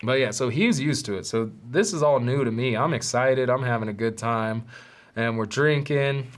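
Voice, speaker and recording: A man hosting a podcast, telling a story in a casual, animated, profane way with street slang. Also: medium pitch, normal speed. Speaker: podcast host.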